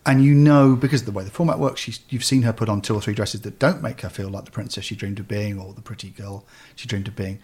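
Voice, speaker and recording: A man's voice: on the low side, fairly even intonation, quick pace, few pauses, darkish tone, breathy edge. A man hosting a podcast in casual, emphatic chat. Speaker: podcast host.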